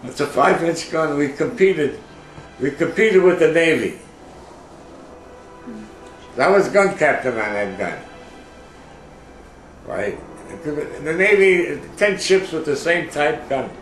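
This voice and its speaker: A man's voice: on the high side, lively intonation, takes it slowly, pauses often, reverberant, soft background music, rough recording. An older man recounting memories in a rambling, casual way, full of fillers and acted-out orders. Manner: rambling, many fillers, acts out shouted orders. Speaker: interviewee, war veteran. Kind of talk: casual oral history storytelling.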